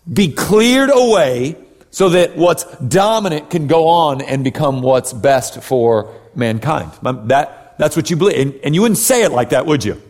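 A man with a fairly high voice gives a sermon in a church hall, and the long reverb of the room trails after his words. He preaches in a chatty way, checking in with the listeners and correcting himself as he goes. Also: a little mellow. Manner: conversational preaching with frequent tag questions and restarts. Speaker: pastor.

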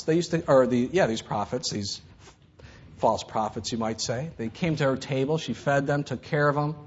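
Husky-voiced man preaching a sermon. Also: mid-range voice, dull audio. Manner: conversational preaching, acts out voices in stories. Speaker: pastor.

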